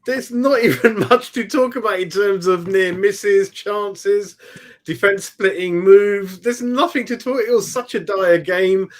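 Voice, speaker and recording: A man's voice: high-pitched, unhurried. A man giving a post-match fan reaction, thinking aloud and hedging his views with I don't know. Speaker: football fan pundit.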